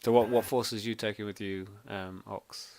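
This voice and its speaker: A man's voice: lowish voice, fairly even intonation, normal speed, darkish tone, slight background noise. A man running a tabletop game as game master, chatty, with joking asides and frequent restarts.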